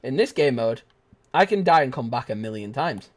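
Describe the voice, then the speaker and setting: A young man giving live gameplay commentary, chatting casually and shouting sudden excited exclamations. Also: medium pitch, moderate pace. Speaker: gaming video host.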